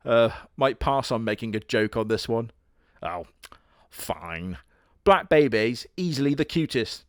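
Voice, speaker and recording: A man's voice: mid-range voice, unhurried, no room sound, clean studio sound. Sardonic man, crude comedy narration. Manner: sardonic, crude, deadpan jokes with put-on quote voices. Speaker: host.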